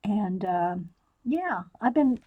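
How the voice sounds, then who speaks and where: A woman's voice: mid-range voice, lively intonation, takes it slowly, phone-quality sound. A woman in her sixties hosting a live stream, chatting and laughing casually while she colors and reads the live chat aloud.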